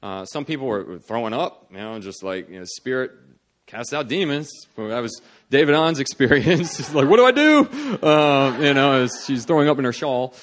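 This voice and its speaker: Animated man telling a revival story. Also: medium pitch, fairly quick. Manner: animated storytelling, laughing, voice swinging from hushed to loud. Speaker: preacher. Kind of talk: sermon testimony story.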